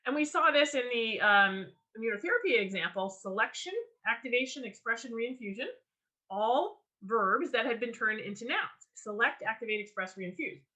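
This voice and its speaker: A woman teaching a writing workshop over a video call, upbeat and animated, with a voice pitched a little high. Her tone is bright, and she often restarts with an um before carrying on. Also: normal speed, rough recording. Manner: lively, enthusiastic teaching with frequent ums and restarts. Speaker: workshop leader. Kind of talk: online writing workshop lecture.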